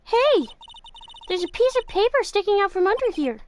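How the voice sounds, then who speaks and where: A woman voicing a bubbly, excitable young female assistant, chirpy and eager. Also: very high-pitched, moderate pace, soft background music, pitched above the performer's own voice.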